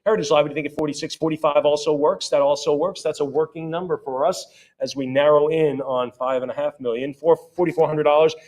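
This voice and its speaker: A man working as an auctioneer at a live sale, rattling off rising bids in quick repeated calls and breaking off for friendly asides about the items. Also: on the high side, steady tone, darkish tone. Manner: rapid repetitive bid calling with chatty asides.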